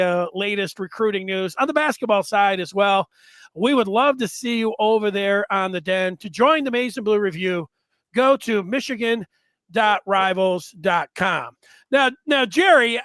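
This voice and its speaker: A man with a high, slightly hoarse voice hosts a casual sports talk show. He rambles excitably from point to point. The sound is dry and close. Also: dry recording. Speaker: sports podcast host.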